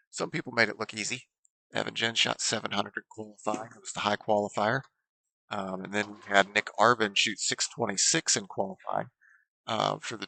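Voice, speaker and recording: A man's voice: lowish voice, gravelly, bright, forceful tone, poor audio. A man commentating a bowling tournament livestream, explaining standings and scores steadily, with frequent ums. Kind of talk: play-by-play sports commentary.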